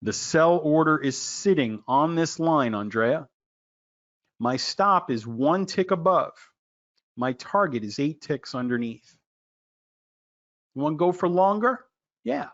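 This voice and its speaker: A man teaching a trading lesson in an excitable, loud, jokey way, quizzing his listeners by name. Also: a little high, takes it slowly, long pauses, muffled recording. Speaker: trading educator. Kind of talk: animated screen-share trading lesson.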